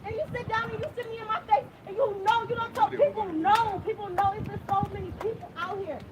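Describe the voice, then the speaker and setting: A woman's voice: very high voice, fairly even intonation, fast. A woman activist, giving a fiery, preacherly protest speech outdoors, repeating her lines. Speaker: community activist. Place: outdoor street gathering. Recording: loud crowd and street noise outdoors.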